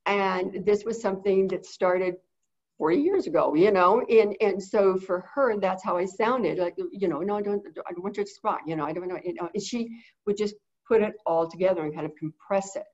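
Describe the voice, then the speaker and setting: A middle-aged woman teaching in a webinar, talking quickly and rambling with many fillers in a low-set voice, over a video call mic. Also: a little mellow, dull audio. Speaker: guest bird behavior consultant.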